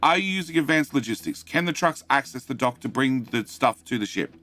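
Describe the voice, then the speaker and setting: With soft music in the background, a middle-aged Australian man with a light accent talks briskly in an expressive, sharp, medium-pitched voice during a game live stream. He reads chat out loud, answers with frequent fillers and restarts, and rambles in a self-mocking way.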